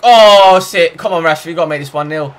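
A young man commentating his own football video game match, slangy, muttering one moment and shouting the next. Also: fairly high pitch, fairly even intonation, rapid-fire. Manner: slangy, swings from muttering to loud shouts at goals. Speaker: gaming YouTuber. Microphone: desk microphone.

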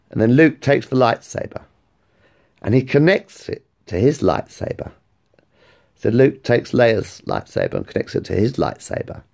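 A vlogger with a gravelly voice tells a made-up story in a casual, rambling, excitable way. He swears freely, and his pitch swings widely as he gets carried away.

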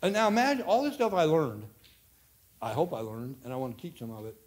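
Teaching a casual Bible study to a class gathered in a church room, a Midwestern pastor emeritus in his fifties speaks in a very animated, fairly quick, mid-pitched voice with a slightly mellow quality. His delivery is folksy and rambling, and he frequently stops mid-thought and begins again.

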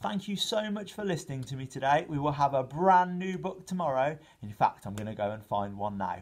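A male teacher with an English accent reading a children's story aloud, with gentle asides to his listeners. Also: mid-range voice, expressive, a little fast. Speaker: primary school teacher.

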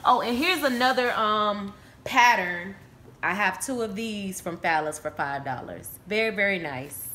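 A woman speaks with a medium pitch and a measured pace, her voice sounding roomy in a room at home. She's casually presenting a shopping haul to the camera, getting excitable about bargains and calling her viewers y'all.

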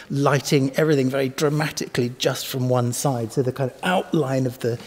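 A man's voice: mid-range voice, breathy edge, in a large hall. A man, a cellist, explaining musical ideas to camera in a thoughtful teaching manner, sometimes speaking words aloud to show their stress. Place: filming space with flickering lights, echoey. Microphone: microphone in front of him.

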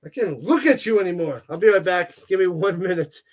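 A man hosting a live sports watch-party stream, chatting casually with viewers and reacting with animated groans and exclamations. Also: high voice, fast. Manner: animated, exclaiming, groaning at bad card pulls. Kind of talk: casual livestream chat, reading viewer comments.

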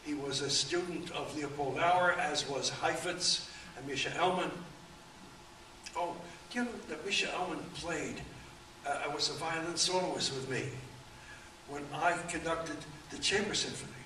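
A man in his eighties telling rambling anecdotes at a book event, halting often with fillers. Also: a little high, bright, forceful tone. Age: 80s. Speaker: author and guest. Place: event room. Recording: echoey room, distant mic, faint room noise.

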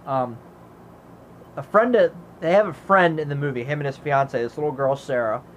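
A man's voice: fairly high pitch, moderate pace, slight background noise. A man giving a casual movie review, rambling and enthusiastic, filling his talk with "you know" as he recounts scenes.

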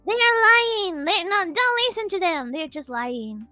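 Very high, bright, playful woman. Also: lively intonation, unhurried, no echo, soft background music. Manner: dramatic, giggly, mock-pleading. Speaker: VTuber guest. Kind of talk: playful livestream chat. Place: home streaming setup.

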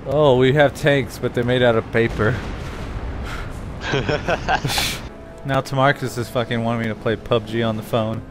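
A young man gaming with a friend, talking crude and profane, often laughing and shouting. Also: medium pitch, fairly even intonation, unhurried, pauses often, music in the background. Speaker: gamer. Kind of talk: casual gameplay chat.

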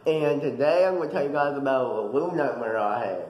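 A young man vlogging, telling a dream story in a casual, animated way with lots of fillers. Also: mid-range voice, a little fast, reverberant, poor audio. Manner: animated, dramatic retelling with many fillers.

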